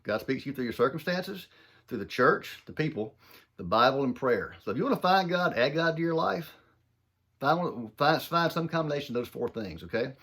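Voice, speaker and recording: A man from southern Mississippi speaks in a thick Southern accent. He gives an earnest, folksy faith talk, talking fast and loosely, with some words run together and some restarted. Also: medium pitch, animated, a bit bright, breathy edge. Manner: earnest, folksy, addresses listeners as y'all. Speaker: Christian speaker.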